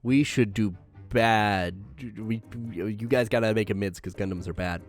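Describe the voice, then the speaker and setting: A man recapping an anime episode in a casual, joking way. He uses slang and paraphrases the characters in quick, offhand voices. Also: lowish voice, faint music behind.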